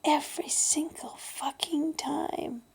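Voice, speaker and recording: A woman of fifty talking candidly in a vlog, blunt and swearing, dropping to a hushed breathy voice and then getting loud. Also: high-pitched, steady tone, slow, whispered. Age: 50s. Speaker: vlogger.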